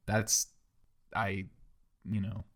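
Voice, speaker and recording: A young man co-hosting a podcast in casual chat, rambling and excitable, full of fillers. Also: fairly low pitch, extremely slow, gravelly. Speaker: podcast co-host. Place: in person in a shared room.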